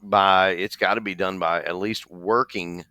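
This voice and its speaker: A man's voice: deep voice, steady tone, unhurried, pushed and bright, clear, resonant tone, no room sound, clean studio sound. A man co-hosting a casual podcast, chatty and jokey, often talking straight to his listeners. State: restless, leg bouncing while seated. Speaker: podcast co-host. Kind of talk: casual chat.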